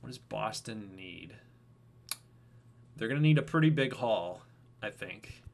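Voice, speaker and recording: A man's voice: on the low side, lively intonation, measured pace, gravelly. Chatty man hosting a game stream. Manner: chatty, talks to chat viewers by name. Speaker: host of a franchise stream. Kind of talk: casual livestream commentary.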